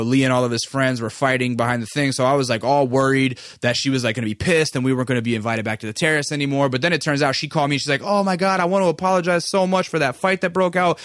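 A man in his thirties spins a long story on his podcast, loose and profane, full of fillers. His voice sits at an everyday middle pitch. The sound is dry and close. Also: fairly bright tone, no echo. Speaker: podcast host. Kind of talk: casual storytelling monologue.

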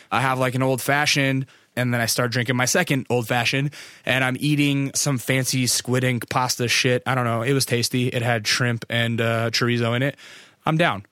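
A man's voice: medium pitch, pushed and bright, no room sound, studio quality. A young adult man, a photographer, telling a rambling, profane story full of "like" fillers. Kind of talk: casual storytelling.

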